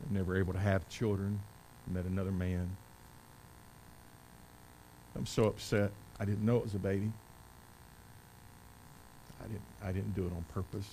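A man in his forties preaching a sermon in a church, reading scripture loudly and with force, then telling stories in a quieter voice. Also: deep voice, level tone, moderate pace, long pauses, slight background noise, rough recording. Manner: rises to loud emphatic preaching when reading scripture, drops to quiet storytelling. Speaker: pastor. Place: church service.

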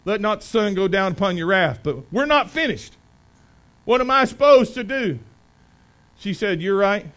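A pastor with a high, bright-sounding voice preaches to his congregation in a folksy, chatty way. He rises into loud, forceful emphasis, then drops back to quiet, offhand asides. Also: animated, normal speed, rough recording. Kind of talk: sermon. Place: church sanctuary.

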